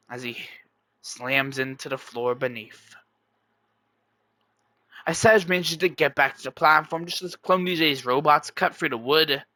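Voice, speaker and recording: A man's voice: on the high side, pushed and bright, no echo. A young man narrating an amateur story in a rambling way, often restarting and chaining clauses.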